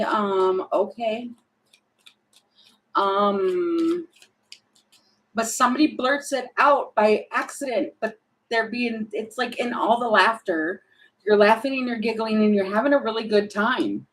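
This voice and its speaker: A woman doing a casual tarot reading, thinking aloud and animated, with many fillers and restarts. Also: on the high side, poor audio. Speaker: tarot reader.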